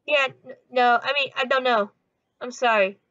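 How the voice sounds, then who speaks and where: A woman's voice: on the high side, moderate pace, bright, forceful tone, no room sound, distant mic, lo-fi sound. A woman reading the lines of an anxious young female singer, speaking hesitantly and stumbling over words. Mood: apologetic.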